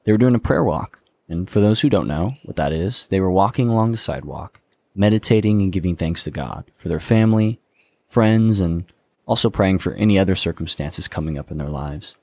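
A man's voice: low-pitched, lively intonation, brisk, dark tone, dry recording. A man narrating a true story in a conversational way, with teasing asides to the listener.

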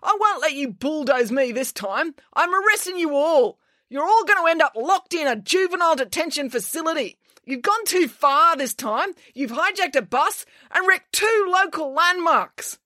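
A woman's voice: sits high, expressive, normal speed, dry recording, clean studio sound, pitched above the performer's own voice. A woman voicing a blustering male police constable who barks orders indignantly. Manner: shouty, indignant, barking orders.

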